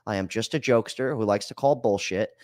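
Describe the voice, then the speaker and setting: Bluntly ranting and cursing about the cost of living, this call-in podcast host keeps things casual from his Florida home studio. He speaks a little fast in a lowish, darkish voice, and the sound is clean studio quality with no room sound.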